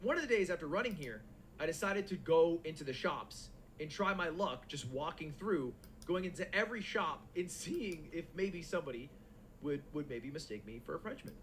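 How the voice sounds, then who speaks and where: A young man telling a long, animated story in casual, profane chat as a stream co-host. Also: fairly high pitch, normal speed, a little hiss or hum. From United States.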